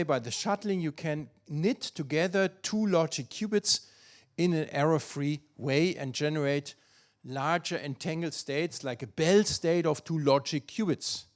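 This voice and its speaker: An older man with a German accent lectures on physics, pitched a bit high for a man. He thinks aloud as he goes, with fillers, restarts and quick asides to the audience. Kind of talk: academic lecture.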